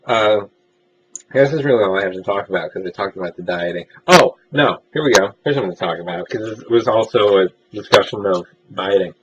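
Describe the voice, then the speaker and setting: A man's voice: on the low side, brisk, muffled recording, a little hiss or hum. A young man casually telling personal stories as a vlogger, rambling and self-deprecating with lots of filler uhs. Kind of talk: casual storytelling monologue.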